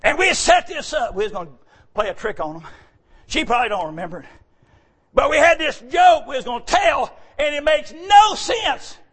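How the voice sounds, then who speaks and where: A man preaching a folksy, joking sermon, animated and often shouting. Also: very high voice, normal speed. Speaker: church speaker.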